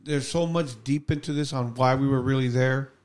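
A man's voice: medium pitch, fairly even intonation, moderate pace, a little mellow. A man with an ordinary mid-range voice hosts a podcast. He talks casually and earnestly, repeating himself as he goes. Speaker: podcast host. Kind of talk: casual chat.

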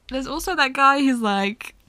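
A woman's voice: sits high, fairly bright tone, dry recording. A woman co-hosting a podcast, chatting casually about a film and laughing often as she talks. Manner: giggly, laughs often while talking.

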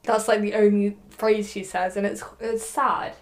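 A woman's voice: mid-range voice, little pitch movement, measured pace. A young adult woman hosting a podcast, chatting casually with lots of "like" and reading out quotes now and then. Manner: chatty, loose with many likes, reciting quotes in between. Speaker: podcast host.

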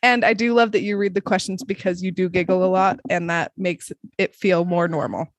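A woman's voice: fairly low pitch, fairly even intonation, fairly quick, no room sound. A woman hosting a podcast, reading an ad and interviewing a guest with bubbly enthusiasm. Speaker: podcast host. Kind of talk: podcast intro, ad read and interview.

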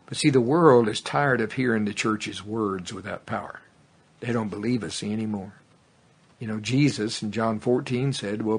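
Husky, fervent male preacher. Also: medium pitch. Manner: fervent, rising to exclamations, tongues. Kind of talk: sermon.

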